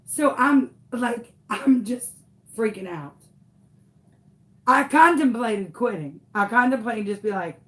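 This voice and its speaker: Slow-talking, dramatic young woman storyteller. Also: on the high side. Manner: dramatic, exaggerated retelling with quoted voices. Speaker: craft vlogger. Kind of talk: casual storytelling.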